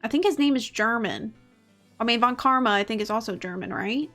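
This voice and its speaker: A woman's voice: a little high, fairly quick, fairly bright tone, faint music behind. A young woman streaming a game, rambling casually, swearing and laughing as she plays.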